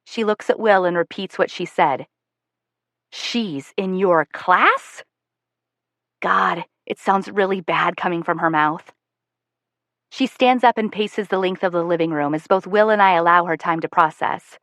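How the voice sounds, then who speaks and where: A woman narrating a first-person audiobook in a steady, measured way. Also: lowish voice, dry recording, clean studio sound.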